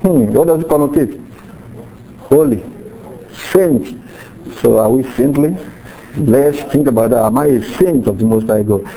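A man's voice: medium pitch, a little slow, vocal fry, long pauses, dark tone, low-quality recording. A middle-aged man preaching a sermon in a conversational way, acting out little quoted exchanges as he teaches. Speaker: pastor.

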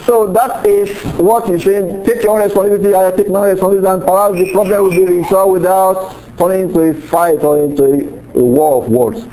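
A man's voice: high voice, steady tone, brisk, hardly any pauses, mellow, rough recording. A middle-aged man preaching a sermon in a conversational way, acting out little quoted exchanges as he teaches. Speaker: pastor.

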